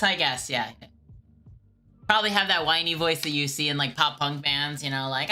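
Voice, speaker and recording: A woman's voice: deep voice, steady tone, moderate pace, pushed and bright, soft background music. A woman streamer casually rambling through chat questions in a laid-back way, a voice she calls whiny. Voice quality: calls her own voice whiny.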